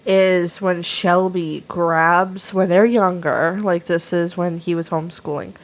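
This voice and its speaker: A woman's voice: lowish voice, steady tone, slow. A young adult woman co-hosting a casual book review chat, rambling with many fillers and restarts.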